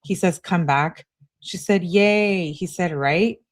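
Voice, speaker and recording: A woman's voice: fairly low pitch, slow. A woman hosting a true crime channel, reading text messages aloud in a casual, conversational way and adding her own comments.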